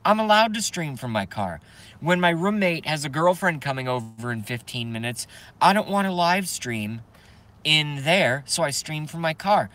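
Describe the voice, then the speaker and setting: Bright-voiced man ranting in his car. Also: a little high. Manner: agitated, swearing ranter. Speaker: live streamer. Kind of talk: ranting live stream. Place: parked car.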